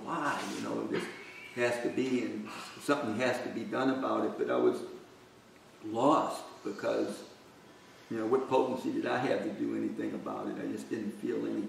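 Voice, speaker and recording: A man giving a devotional scripture class in a conversational way, full of "you know", then reading a passage aloud slowly and deliberately. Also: lowish voice, lively intonation, vocal fry. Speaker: class speaker. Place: temple hall. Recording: echoey room, distant mic, faint noise.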